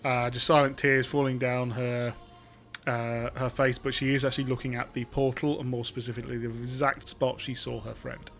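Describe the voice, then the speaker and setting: A man playing a tabletop game, describing his character's actions in a quiet, measured way. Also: medium pitch, level tone, faint music behind. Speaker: player.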